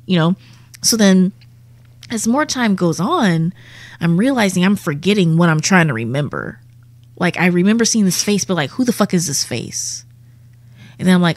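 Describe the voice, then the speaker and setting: A woman's voice: on the low side, lively intonation, normal speed, long pauses, no room sound. A young adult woman, a comedian guest, telling a vivid and profane story in a casual way.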